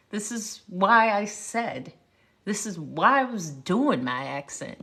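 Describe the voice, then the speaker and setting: A woman livestream host recounts a story with bright, ringing energy. Her pitch leaps around expressively while her delivery stays slow and unhurried, with frequent asides to her viewers. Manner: animated, jumps around, greets viewers. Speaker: motivational speaker, livestream host.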